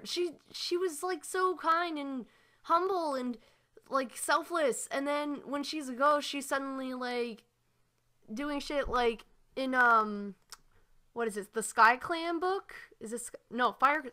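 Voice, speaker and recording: A woman's voice: high-pitched, pushed and bright. A woman ranting in a frustrated, sighing way as she talks through her analysis, with lots of fillers. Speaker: fan analysis video maker. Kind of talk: ranting commentary.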